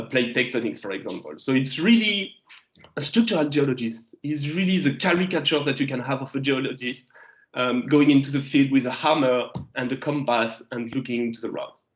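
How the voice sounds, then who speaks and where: Speaking at a medium pitch, a French man in his thirties delivers a remote lecture on geology to students as a guest. His accented English is halting, with restarts as he gropes for vocabulary, and the video call audio is echoey and low quality.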